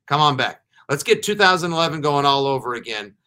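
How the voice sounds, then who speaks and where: A man hosting a casual sports chat, energetic and joking, launching into riffing rants. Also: a little high, fairly quick, clear, resonant tone. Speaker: podcast host.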